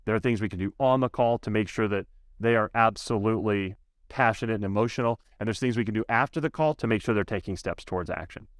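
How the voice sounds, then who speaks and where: A man who coaches software sales, speaking as a guest on a podcast interview with an emphatic, animated way of telling stories. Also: on the low side, no room sound, clean studio sound.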